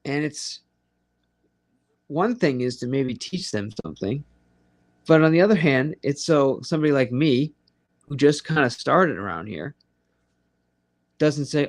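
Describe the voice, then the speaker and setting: A man's voice: medium pitch, expressive, measured pace, long pauses, no echo. A man hosting a live late-night audio chat room, rambling and swearing freely as he talks straight to his listeners. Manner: profane, rambling and conversational.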